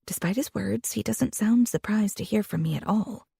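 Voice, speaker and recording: A young woman reading a first-person romance audiobook in an expressive, intimate way, with a husky voice. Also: mid-range voice, normal speed, dry recording, studio quality. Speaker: audiobook narrator.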